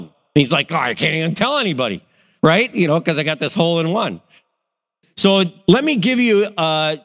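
In a big-room setting, a middle-aged male pastor with a fairly high pitch preaches a sermon full of personal anecdotes. He's an animated storyteller who voices each character he quotes.

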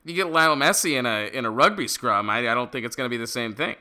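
A man co-hosting a movie podcast in casual, animated, jokey chat. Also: mid-range voice, quick pace, smooth. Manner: animated, jokey, swears freely. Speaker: podcast co-host.

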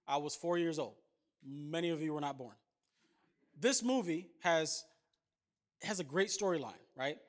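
A man's voice: a little high, measured pace, long pauses. A man in his thirties preaching a sermon, chatting with the congregation in asides and then building to emphatic points. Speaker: pastor.

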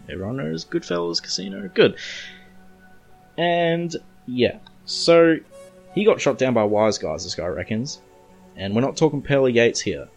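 A man's voice: mid-range voice, animated, a little slow, vocal fry, soft background music. An Australian man casually recapping and reviewing a comic book issue in a chatty, rambling way. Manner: chatty, rambling, reads comic lines aloud.

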